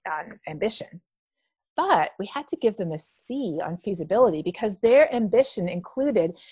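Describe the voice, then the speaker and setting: Animated storytelling woman, dry close mic. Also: mid-range voice, normal speed, husky, no echo. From Canada. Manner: animated storyteller acting out quoted dialogue. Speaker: guest. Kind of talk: conversational podcast interview.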